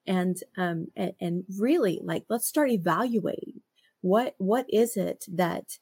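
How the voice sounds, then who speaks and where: A woman's voice: on the low side, lively intonation, slow, gravelly, darkish tone, slightly rough, dry recording. Middle-aged woman, earnest co-host, stammering restarts, dry close mic. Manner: earnest, frequent restarts and stammers, laughs often. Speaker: podcast co-host. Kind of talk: reflective conversational talk.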